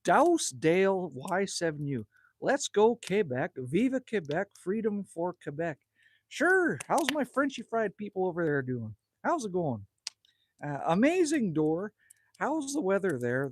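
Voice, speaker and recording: A man's voice: high voice, big pitch swings, a little slow. A man in his fifties from Canada, hosting a casual livestream at his cabin and bantering crudely with chat. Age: 50s. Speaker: livestream host. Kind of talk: casual live chat reading viewer comments. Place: outdoors at a cabin by a campfire.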